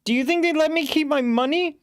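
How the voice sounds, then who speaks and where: A man voicing a panicked young woman fleeing her captors in a storybook reading, shouting and pleading. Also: very high voice, fairly quick, dry recording, clean studio sound, pitched above the performer's own voice. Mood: frantic. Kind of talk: storybook read-aloud.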